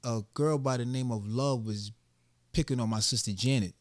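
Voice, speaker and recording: A man's voice: mid-range voice, normal speed, no room sound. A middle-aged man from Jamaica, an interview guest telling stories animatedly in street slang. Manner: street slang, repeats "you know what I'm saying". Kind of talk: animated storytelling.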